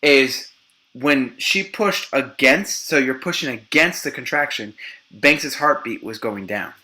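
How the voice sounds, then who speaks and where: A man telling a story as a guest in a casual podcast chat, animated and profane, acting out what others said. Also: medium pitch, measured pace.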